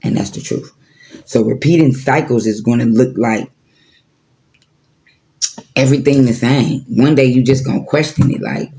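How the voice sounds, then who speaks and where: Gravelly man preaching casually. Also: medium pitch, normal speed, pauses often, mellow. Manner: preachy, repetitive, profane slang. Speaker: spiritual vlogger. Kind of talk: casual spiritual talk.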